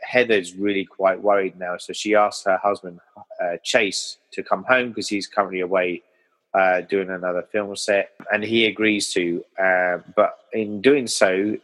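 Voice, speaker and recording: A man's voice: low-pitched, steady tone, a little slow, fairly bright tone, rough recording. A man co-hosting a casual film discussion, retelling the plot and laughing often. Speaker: film podcast co-host.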